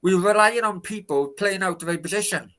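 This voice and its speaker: A man's voice: sits high, fairly quick, sharp tone, low-quality recording. A man co-hosting a casual football talk show from a hotel room, ranting and swearing about his club's transfers. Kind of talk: casual chat.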